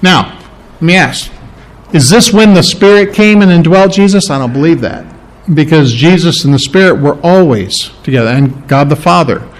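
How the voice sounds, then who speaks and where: A man's voice: a little high, animated, normal speed. Man preaching a conversational sermon. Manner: conversational teaching with questions to the congregation; restarts and repeats words while thinking aloud. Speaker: pastor.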